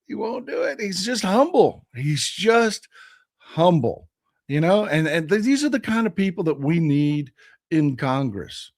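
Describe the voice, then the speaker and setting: A hoarse man hosting a live political stream, his strained voice sitting a little high. He talks with fervent repetition, speaking straight to the people in his chat. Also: sing-song, measured pace. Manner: impassioned, repetitive, addresses the chat directly. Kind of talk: casual political talk.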